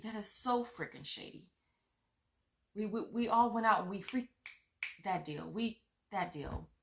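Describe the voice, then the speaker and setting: Furious woman ranting, gravelly low voice. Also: fairly bright tone. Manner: heated, profane, repeats herself, stammers. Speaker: vlogger on money-saving apps. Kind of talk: angry rant to viewers.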